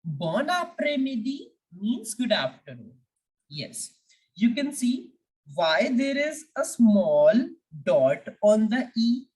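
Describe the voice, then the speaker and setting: A woman's voice: fairly high pitch, sing-song, takes it slowly, darkish tone. A woman teaching a beginner French lesson, patiently repeating each word for her learners. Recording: voice a bit distant from the mic.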